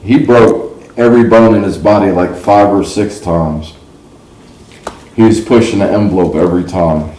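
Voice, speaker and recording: Low and dark, this man's voice moves at normal speed through a roomy echo. He is a middle-aged livestream host from New York / New Jersey, chatty and folksy, rambling through stories and laughing at them himself.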